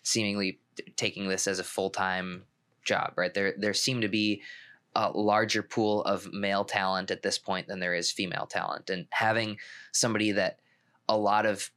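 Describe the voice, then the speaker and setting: A man with a fairly low voice co-hosts a podcast and chats casually about pickleball. He talks loosely and rambles, often restarting his sentences before settling on a point. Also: moderate pace. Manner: relaxed, rambling with frequent restarts. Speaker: podcast co-host, pro pickleball player.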